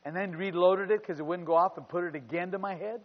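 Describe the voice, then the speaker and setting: A man's voice: high-pitched, quick pace. An older man preaching as a pastor, telling personal stories with fervent, rising exclamations. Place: church sanctuary. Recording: muffled church recording with long reverb.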